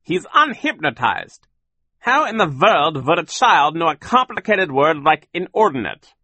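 A man's voice: on the high side, big pitch swings, measured pace, pushed and bright, dry recording, pitched above the performer's own voice, heavily acted. A man voicing a wicked woman hypnotist doctor, with a sneering, theatrical delivery. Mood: irritated. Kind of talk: audiobook character voice.

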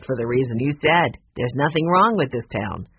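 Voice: medium pitch, animated, moderate pace, muffled recording, slight background noise, natural voice. A narrator voicing a friendly young man, a balloonist, in a storybook reading, in a plain, easygoing way.

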